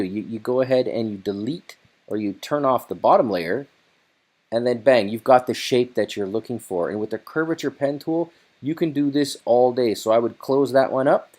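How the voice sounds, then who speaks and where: A man hosting a casual screen-recorded software tutorial, chatty and loose, thinking aloud as he works. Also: medium pitch.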